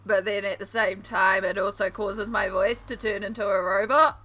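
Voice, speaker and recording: A woman's voice: mid-range voice, fairly even intonation, moderate pace, hardly any pauses, sharp tone, soft background music, poor audio. A woman streamer chatting casually to her viewers while colouring, giggling often. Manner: chatty, giggly, talks to chat.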